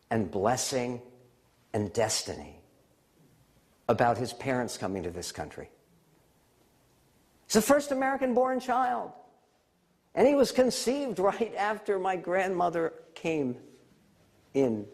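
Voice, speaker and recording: A man tells a story in a public speech, unhurried and full of small pauses and fillers. When the story turns exciting, his voice leaps up in pitch before settling back down. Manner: warm family anecdote, with pauses and fillers. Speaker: public speaker and author.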